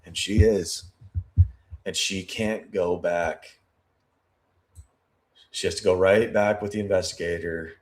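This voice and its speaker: A man with a very deep voice works through an interview transcript in analytical commentary. He talks at an unhurried, deliberate pace. He thinks aloud, corrects himself and circles back to repeat key words. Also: a little mellow.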